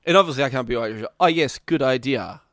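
A man's voice: mid-range voice, a little fast, no echo. Man telling a story, dry sound. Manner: animated storytelling, acts out quotes, laughs often. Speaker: podcast co-host. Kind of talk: casual chat.

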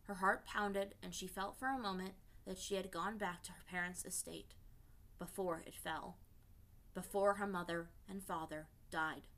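A woman reading fan fiction aloud in a steady storytelling voice. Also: on the low side, normal speed. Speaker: reader.

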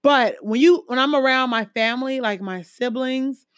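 A woman from a Jamaican family speaks in a relaxed, personal way, leaning on "like" and "um" and pushing hard on certain points. Her voice sits a bit high. The sound is dry and close, with no room echo. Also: normal speed. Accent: American with Jamaican-family roots. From Caribbean, Jamaican family. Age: adult, a mother. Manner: conversational, lots of fillers, animated emphasis. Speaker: speaker sharing personal stories. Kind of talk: casual personal talk.

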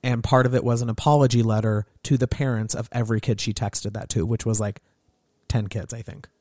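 A man's voice: medium pitch, a little fast, no echo. Chatty man telling stories, dry sound. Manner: storytelling, lively and chatty. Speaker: hairstylist and podcast co-host. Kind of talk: casual podcast chat.

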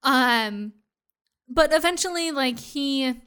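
A woman's voice: sits high, takes it slowly. A woman co-hosting a podcast, chatting casually as she recaps a TV episode and acts out characters' lines. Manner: animated, acts out quoted lines. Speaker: podcast co-host.

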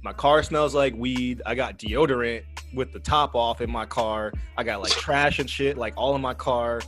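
A man's voice: mid-range voice, normal speed, over music. Young man telling a wild party story. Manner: animated, profane, laughing through a party story. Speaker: podcast co-host. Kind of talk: casual storytelling.

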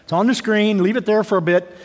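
High-voiced preacher in a reverberant hall. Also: male voice, steady tone, fast talker, a little mellow. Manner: conversational preaching with rhetorical questions and repeated words. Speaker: pastor. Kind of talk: sermon. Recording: long reverb of a church hall.

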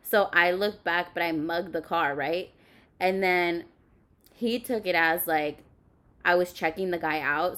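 A woman's voice: lowish voice, fairly bright tone. A young woman telling a personal story bluntly, with lots of swearing and fillers. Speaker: podcast host. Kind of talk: candid storytelling chat.

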